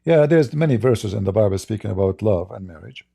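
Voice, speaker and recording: A man's voice: on the low side, expressive, a little fast, gravelly, warm tone, breathy edge. A man with an Arabic accent hosting live-stream debate commentary, emphatic and full of rhetorical questions to his audience. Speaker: Christian apologist host.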